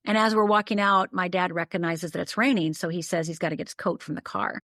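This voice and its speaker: A woman's voice: fairly low pitch, steady tone, fast, fairly bright tone, no echo, studio quality. An older woman from the northern United States telling a personal story as a podcast guest, vivid, detailed and emphatic. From Upper Michigan, USA.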